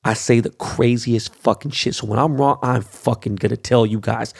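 Young male host, foul-mouthed and brash, gravelly voice, ranting monologue. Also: mid-range voice, fairly even intonation, normal speed, hardly any pauses. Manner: brash, cursing constantly. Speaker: show host.

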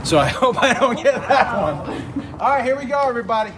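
Animated laughing man, high lively voice. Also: a little fast, crowd noise. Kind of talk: casual chat among friends. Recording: noisy room.

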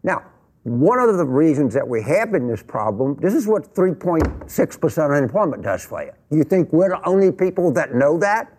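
A man's voice: a little high, sing-song, normal speed, a little mellow, a little hiss or hum. A man arguing emphatically on a studio panel, repeating points and pushing his voice up when pressed. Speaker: panel guest. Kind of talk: heated panel discussion.

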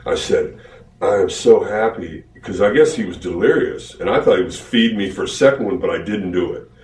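A man's voice: lowish voice, brisk, reverberant, distant mic, slight background noise, poor audio. A man casually telling a rambling story about an old wrestling match. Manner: rambling, animated retelling. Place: archived interview played on a podcast.

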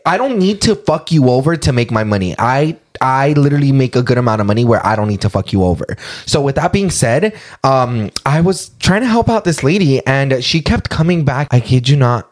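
A man co-hosting a podcast, telling a heated story in casual chat, swearing freely and acting out both sides of an argument. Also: mid-range voice. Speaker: podcast co-host.

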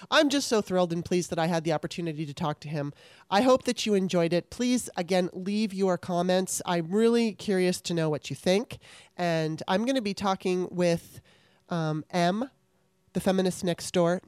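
A woman's voice: on the low side, normal speed, darkish tone, smooth, no room sound, clean studio sound. A woman podcast host and author, wrapping up an interview and talking to her listeners in a chatty, earnest way. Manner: chatty, earnest, laughs often. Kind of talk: casual interview and solo wrap-up.

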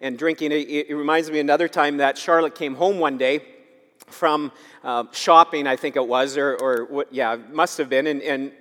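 A male pastor preaching a sermon, emphatic and repetitive, swinging between loud urging and quiet asides. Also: fairly high pitch, steady tone, moderate pace. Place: church sanctuary. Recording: long hall reverb.

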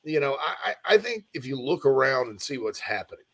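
A man hosting a casual live-stream sports talk show, rambling and animated while reading viewer comments, yawning and distracted. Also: medium pitch, a little fast, vocal fry, husky.

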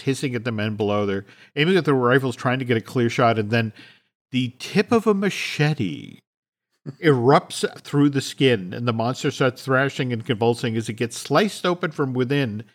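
A man reading a film script aloud to his podcast co-hosts, telling it with animated restarts. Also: mid-range voice, normal speed.

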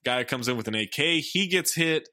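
A man's voice: a little high, lively intonation, normal speed, pushed and bright, no echo. A man co-hosting a casual talk show, summarizing a film's plot with dry asides. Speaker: podcast co-host recapping a film. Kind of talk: casual chat, recapping plot.

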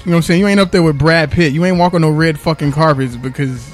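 A man's voice: fairly high pitch, quick pace, faint music behind. A man co-hosting a casual chat show, ranting with emphatic, profane talk. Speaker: podcast co-host.

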